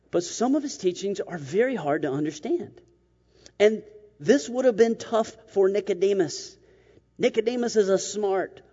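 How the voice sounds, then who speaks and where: A man preaching a sermon in a conversational, humorous way, acting out quick asides. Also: a little high, mellow. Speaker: pastor. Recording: dull sound with long hall reverb.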